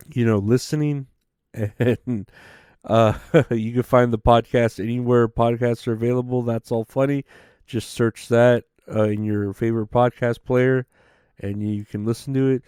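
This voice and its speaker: A man's voice: mid-range voice, a little mellow, clear, resonant tone, no echo, studio quality. Rambling, profane man hosting a podcast. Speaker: podcast host. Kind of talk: casual solo podcast rant.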